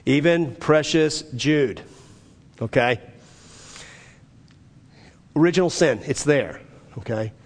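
A man preaching a sermon with a slightly high voice. He is emphatic, pushing up to urgent peaks and falling to low, quiet asides. His voice rings with the long reverb of a large church hall. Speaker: pastor.

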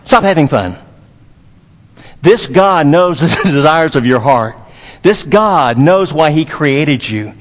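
High-voiced emphatic preacher in a hall. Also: male voice, lively intonation, slow. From Dallas, Texas. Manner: emphatic, repetitive, with folksy humor. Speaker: pastor. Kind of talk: sermon.

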